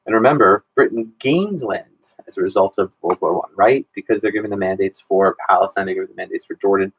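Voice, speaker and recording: A man's voice: low voice, fast, husky, no echo, low-quality recording. A man in his thirties, a history teacher running a casual exam review Q&A and talking in a chatty way with many ums and restarts.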